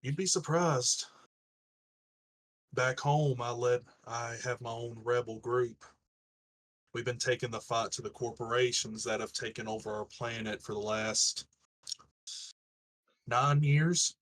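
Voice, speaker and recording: A man's voice: medium pitch, fairly even intonation, a little slow, a bit bright. Blunt, swearing man playing a rebel. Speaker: player. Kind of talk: in-character tabletop role-play.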